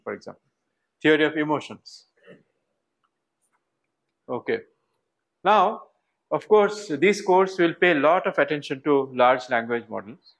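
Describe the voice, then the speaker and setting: Lecturing man, higher voice. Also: a bit bright, rough recording. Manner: thinking aloud with many fillers and restarts. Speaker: professor. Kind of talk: university lecture.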